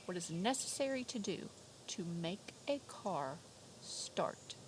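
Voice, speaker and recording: A young woman teaching vocabulary to kindergarteners from home, slow and clear with a sing-song, drawn-out delivery. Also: on the low side, expressive, noisy background. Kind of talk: remote vocabulary lesson for young children.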